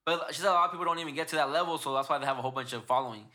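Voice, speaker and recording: Speaking rapid-fire in a sharp, medium-pitched voice, a young male podcast host chats casually. He rambles and curses through his stories, slipping into put-on voices for the quotes.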